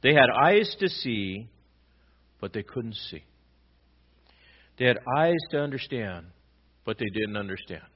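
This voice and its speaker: A male pastor preaches with a voice of ordinary pitch. He punches some lines loudly, then drops low and quiet on others. The recording sounds dull and slightly lo-fi. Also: very animated, unhurried, long pauses. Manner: dramatic swings between loud emphatic lines and quiet low ones. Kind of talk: sermon.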